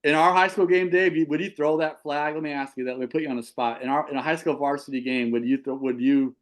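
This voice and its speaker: Man, sports talk host, casual, animated, restarts his sentences. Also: on the high side, fast talker. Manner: animated, repeats and restarts words. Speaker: show host and football official.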